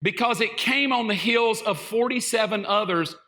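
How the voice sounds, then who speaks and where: A middle-aged man with a Southern US accent, a pastor preaching a sermon full of funny stories, animated and self-mocking. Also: high-pitched, normal speed. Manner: animated, self-mocking, acts out voices and sounds. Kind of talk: comedic sermon storytelling. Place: church sanctuary.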